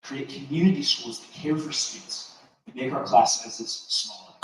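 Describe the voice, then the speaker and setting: A man's voice: mid-range voice, moderate pace. A man delivers an earnest, persuasive public comment. He is heard from across a large, echoing room, with a faint hiss behind him. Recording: echoey hall from far off, faint noise.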